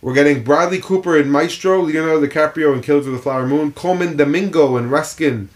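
A man co-hosting a casual film podcast, opinionated and quick to swear. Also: a little high. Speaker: podcast co-host.

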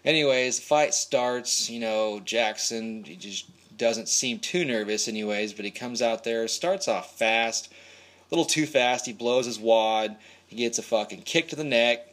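A man's voice: mid-range voice, a little slow, a bit bright. A man casually recapping a movie in a rambling, profane, laid-back way.

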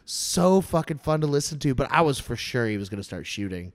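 A young man in casual chat, telling a story in an animated way, swearing and laughing often. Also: fairly high pitch, quick pace, few pauses.

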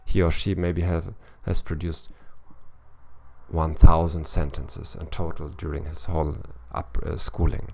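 A man's voice: rumbling low, little pitch movement, measured pace, gravelly, dark tone. A man coaching language learners in a podcast monologue, thinking aloud and tacking on little tag questions. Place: lives in Eastern Europe.

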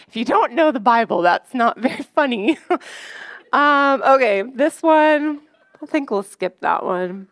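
A woman's voice: high voice, expressive, takes it slowly, a bit bright, dry recording. A woman speaking at a church gathering in a chatty, self-deprecating way, telling jokes and laughing often. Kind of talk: casual sermon with jokes.

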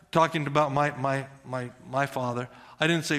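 A man's voice: on the high side, a little fast, hardly any pauses, sharp tone, in a large hall. A middle-aged male pastor preaching a sermon in an earnest, conversational way, repeating his phrases for emphasis.

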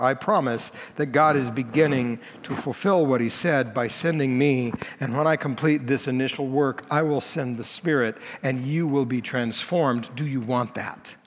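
A man's voice: mid-range voice, moderate pace, few pauses, slight background noise. A man preaching as lead pastor, working through scripture in a plain, conversational way in a church sanctuary. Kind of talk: expository sermon. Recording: long hall reverb.

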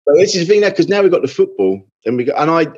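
Chatty comedian, lo-fi sound. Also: male voice, on the high side, very animated, rapid-fire, darkish tone, slightly rough. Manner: chatty, storytelling, self-deprecating. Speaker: comedian guest. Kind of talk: casual podcast chat.

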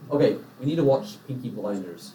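A man's voice: mid-range voice, lively intonation, a little fast, mellow, slight background noise. English man with a home-counties accent, chatting in a roomy space. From England. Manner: chatty, jokey. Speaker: podcast co-host. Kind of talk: casual chat. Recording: roomy echo, mic from a distance.

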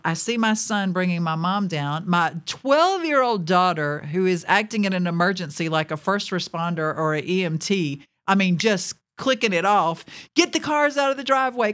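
In a mid-range voice, a forties-aged woman in ministry recounts a personal testimony. Her storytelling is lively, broken up by laughter between lines, and she talks directly to the audience.

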